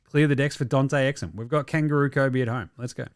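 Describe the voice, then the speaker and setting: Excitable sweary man. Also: medium pitch. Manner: fast, sweary, excitable ranting. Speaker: host. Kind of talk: casual sports commentary.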